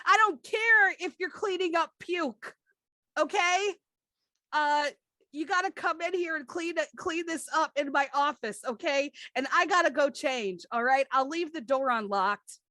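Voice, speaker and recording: A woman voicing an angry male office boss who berates and panics in a high, loud voice during a tabletop game. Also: a little slow, no echo, clean studio sound. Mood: bossy. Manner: berating, frantic.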